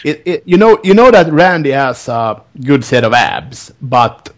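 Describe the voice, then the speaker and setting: Excitable, lively-pitched swearing man. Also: unhurried. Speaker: podcast co-host. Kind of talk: casual wrestling chat.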